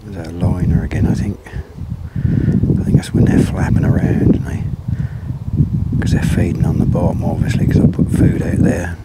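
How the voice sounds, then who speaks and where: A man's voice: deep voice, completely flat delivery, normal speed. A man giving chatty running commentary at a lakeside, talking to the fish and the viewer and sometimes dropping to a whisper. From England. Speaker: angler vlogger. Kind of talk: casual running commentary while fishing. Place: outdoors at a lakeside. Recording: loud outdoor background noise. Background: loud outdoor noise, a dog barking.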